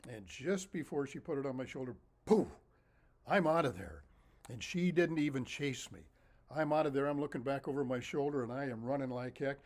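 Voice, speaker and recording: Guy telling a funny story from when he was a kid, animated, keeps laughing, talking to camera. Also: mid-range voice, normal speed. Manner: lively, animated, laughs often. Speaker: storyteller and author. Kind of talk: casual anecdotal storytelling.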